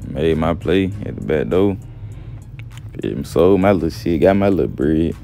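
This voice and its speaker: Young man, very low voice, laid-back profane storyteller, faint music underneath. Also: expressive, measured pace, vocal fry, mellow. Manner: laid-back, profane, says "you feel me" often. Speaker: gameplay storyteller. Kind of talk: casual slangy story narration.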